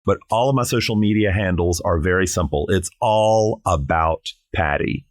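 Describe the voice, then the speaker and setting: Playful man, low dry voice. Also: moderate pace, no room sound. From South Carolina. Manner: playful, theatrical, jokey. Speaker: drag performer guest. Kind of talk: casual podcast chat.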